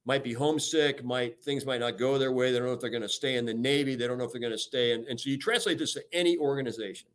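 An older American man, a retired admiral, speaks as a guest in an interview. He talks energetically and emphatically, stressing key words and filling gaps with "you know". His voice sits at an ordinary pitch for a man. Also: fast talker, hardly any pauses. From United States. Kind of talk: podcast interview. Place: talking remotely from home or office.

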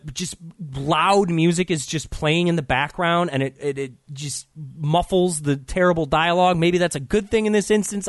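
A man's voice: a little high, no room sound, studio quality. A man ranting about a film in casual, profane chat, full of scorn. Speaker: film reviewer.

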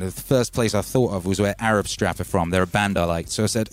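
A man hosting a relaxed livestream, rambling and reading out chat names. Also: fairly low pitch, fairly quick. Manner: laid-back, rambling, calls listeners baby. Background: faint music.

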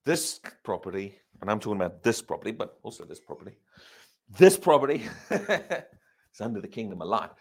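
A man's voice: normal speed, long pauses, slightly rough. A man preaching a sermon, reading scripture aloud and putting emphatic questions to his listeners. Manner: emphatic, asks the congregation questions; lively, swinging pitch. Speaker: pastor.

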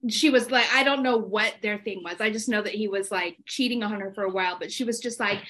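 A woman co-hosting a podcast, telling stories in a lively, profane, casual chat. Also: mid-range voice, fast, few pauses. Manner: animated, profane storytelling. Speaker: podcast co-host.

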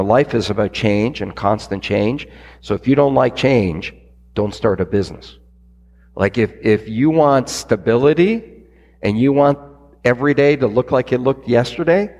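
Man, business owner, lively storyteller, middle pitch, long reverb around the voice. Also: moderate pace. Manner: animated, acts out quoted voices. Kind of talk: storytelling interview talk. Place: stage event.

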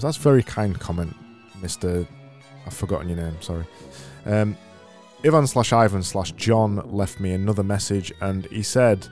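Dry, sarcastic Yorkshire podcast host. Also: male voice, low-pitched, measured pace, dark tone, soft background music. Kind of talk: casual solo podcast reading listener messages. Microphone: studio mic with mixer.

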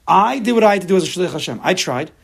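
Male teacher, gravelly and a bit husky, emphatic lecturer who acts out examples. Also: high voice, animated, fast. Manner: emphatic, acts out imagined inner voices. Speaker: teacher of a religious text class. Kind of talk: Torah class lecture, explaining a text to students.

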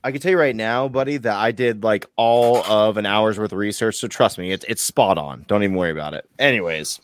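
A man's voice: fairly low pitch, brisk, a little hiss or hum. A man hosting a casual quiz game among friends, reading out facts, joking, swearing and laughing along. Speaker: quiz host. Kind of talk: casual group quiz chat.

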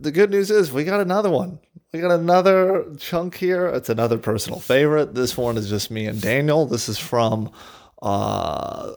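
A man's voice: mid-range voice, vocal fry. A man hosting a podcast, chatting casually, reacting with laughter and introducing clips. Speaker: podcast host. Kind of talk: casual podcast chat and show links.

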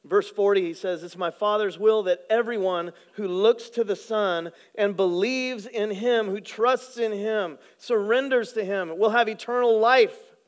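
A male pastor preaching a sermon, swinging between loud emphasis and hushed, low delivery. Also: measured pace, clean tone.

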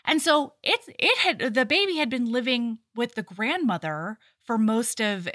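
A woman's voice: a little high, a little slow, dry recording, clean studio sound. A woman co-hosting a podcast, casually recapping a novel, acting out the characters' lines and swearing freely. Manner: animated storyteller acting out quotes, swears freely. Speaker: podcast co-host. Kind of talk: casual chat recapping a book.

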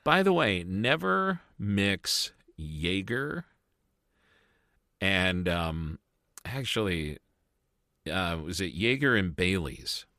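A middle-aged man co-hosting a casual review podcast, telling stories in an animated, chatty way. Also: low-pitched, very slow, long pauses, dry recording, clean studio sound. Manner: animated, tells stories with lively asides. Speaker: podcast co-host. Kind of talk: casual chat.

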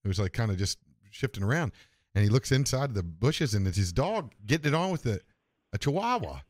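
A man hosting a casual podcast, telling jokes in a halting way and repeating words as he goes. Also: mid-range voice, sing-song, no echo, studio quality. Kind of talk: casual chat, joke telling.

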